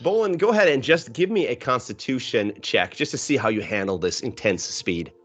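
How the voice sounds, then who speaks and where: A man's voice: mid-range voice, lively intonation, brisk. Male game master, easygoing narration with fillers, faint music behind. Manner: casual, laughing, with many fillers.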